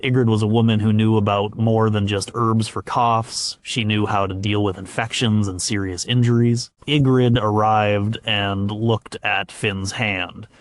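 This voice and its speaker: A man narrating a scripted history documentary in a measured way, with occasional stumbles and fillers. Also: on the low side, little pitch movement, dry recording.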